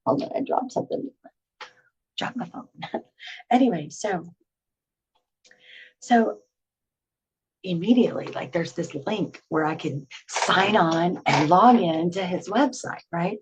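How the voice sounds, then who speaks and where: A middle-aged woman telling her own story to camera in a chatty, animated way, full of filler words. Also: fairly low pitch, takes it slowly, pauses often, breathy edge, lo-fi sound.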